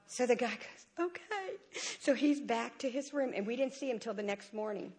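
A woman giving a lively, humorous church testimony and acting out the dialogue as she goes. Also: high voice, normal speed. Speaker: church speaker sharing a testimony. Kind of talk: animated storytelling testimony.

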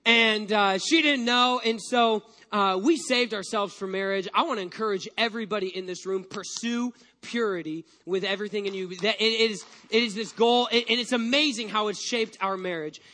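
High-voiced, bright male pastor. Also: normal speed, hardly any pauses. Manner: animated storyteller, frequent restarts. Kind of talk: sermon with personal storytelling.

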